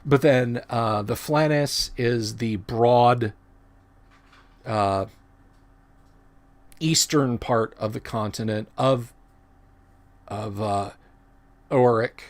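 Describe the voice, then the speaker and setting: A middle-aged man hosts a relaxed livestream chat at an ordinary, middling pitch. He talks in a loose, rambling way, circling back to fix his own words as he goes. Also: slow pace, pauses often. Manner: rambling, self-correcting, chatty. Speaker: livestream host.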